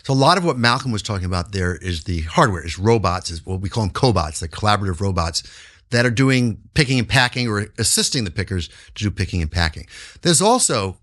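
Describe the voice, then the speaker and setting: A man's voice: lowish voice, very animated, quick pace, fairly bright tone. A man answering interview questions as a business guest, emphatic and repeating words for stress.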